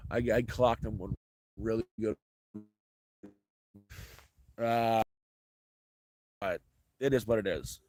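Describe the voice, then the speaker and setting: A man's voice: fairly low pitch, slow pace, pauses often, a little mellow, dry recording. Rambling, stammering man vlogging casually. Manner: rambling with frequent restarts and stammered repeats. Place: rural off-grid homestead, cold.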